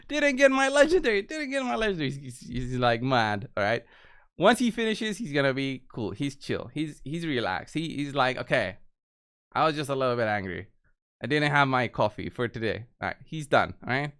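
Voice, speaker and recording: A man's voice: medium pitch, a bit bright, clean tone. A man giving casual gameplay commentary, walking viewers through each move step by step. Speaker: game video creator.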